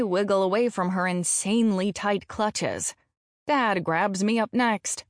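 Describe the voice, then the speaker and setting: A woman narrates a first-person audiobook slowly and deliberately, frank and casually profane. Her middling-pitched voice is recorded close on a studio mic, and the sound is very dry.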